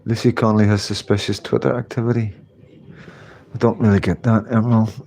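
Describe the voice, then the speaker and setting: A man's voice: fairly low pitch, little pitch movement, fairly quick, vocal fry, a little mellow, slight background noise. A man hosting a casual live stream, reading chat comments and rambling with repeated phrases and casual swearing. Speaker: livestream host reading chat.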